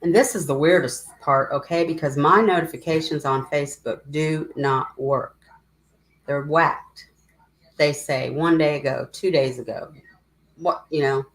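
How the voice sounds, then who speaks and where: A middle-aged woman with a notably low voice hosts a casual livestream, telling her story in a rambling, emotional way and breaking off now and then to greet viewers by name. The audio quality is poor.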